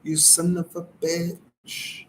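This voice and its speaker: A booming, boastful action-hero strongman, as a man puts him on for laughs. He drags his lines out slowly and loudly, sitting a little higher than a normal speaking voice. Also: monotone, a little hiss or hum, poor audio. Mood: boisterous. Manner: comic celebrity impression, drawn-out shouted lines.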